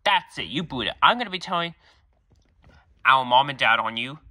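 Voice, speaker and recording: A man's voice: mid-range voice, expressive, moderate pace, pushed and bright, dry recording, studio quality. A man voicing an indignant boy who scolds a bully in a homemade cartoon. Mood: scolding. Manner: scolding, stern. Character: indignant young boy, big brother.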